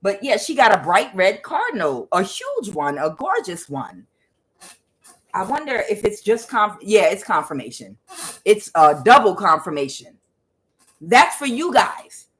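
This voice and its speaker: A woman's voice: mid-range voice, a little slow, rough recording. Rambling woman reading tarot at home. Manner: rambling, many "uh" fillers, excitable outbursts. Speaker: tarot reader. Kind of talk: casual tarot reading monologue. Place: home with door open.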